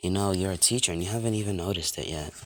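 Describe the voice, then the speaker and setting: Man voicing a cocky teenage boy, taunting, deep voice, faint noise. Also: racing, darkish tone, close to an everyday voice. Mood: smug. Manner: taunting, smug.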